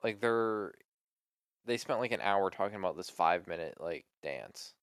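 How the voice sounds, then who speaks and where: A young man with a low voice co-hosts a casual chat show. He talks loosely, full of fillers and the odd swear word. The sound is dry and close. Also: animated, moderate pace, no room sound. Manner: loose, swears often, trailing filler words. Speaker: podcast co-host.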